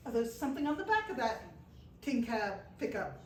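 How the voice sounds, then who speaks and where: Her voice on the high side and her pace a little fast, a woman guest speaker animatedly acts out the dialogue in a travel story for a small audience. The event room recording is roomy, with a distant mic and faint noise.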